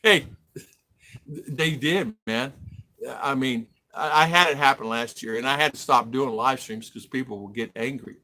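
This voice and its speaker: A man's voice: mid-range voice, measured pace, bright, forceful tone. A middle-aged man from the United States hosting a casual livestream, rambling and reading viewer comments aloud. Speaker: livestream host. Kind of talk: casual live-stream chat.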